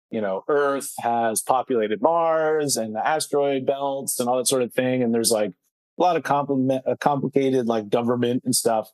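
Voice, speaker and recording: A man's voice: medium pitch, a little mellow, no echo. A man co-hosting a book podcast, chatting casually in a rambling, wry way with lots of fillers. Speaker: podcast co-host.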